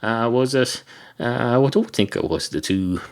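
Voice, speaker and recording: A man hosting a podcast alone, wandering off into wry tangents and interrupting himself. His voice sits at an ordinary middle pitch and keeps a loose, unscripted flow. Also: expressive, unhurried. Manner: meandering, self-interrupting, wry. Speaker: podcast host. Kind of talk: rambling comic monologue.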